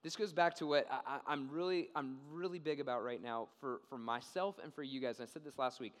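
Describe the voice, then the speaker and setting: A young man preaching a sermon, telling a story in a casual, animated way and often checking in with "okay?". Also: medium pitch, fairly quick. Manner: animated storytelling, acts out quoted voices. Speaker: pastor. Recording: long reverb of a large hall.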